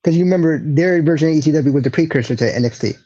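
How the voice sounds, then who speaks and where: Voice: medium pitch, rapid-fire, warm tone. A podcast co-host chatting casually about wrestling, mostly giving short, hesitant replies and agreements. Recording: dull lo-fi sound.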